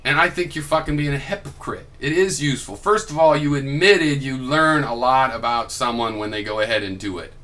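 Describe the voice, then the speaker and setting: A man's voice: medium pitch, a little fast, hardly any pauses, sharp tone. A young man recording an argumentative reply video, combative and profane, with sarcastic mock quotes of his opponent. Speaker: video blogger replying to another vlogger.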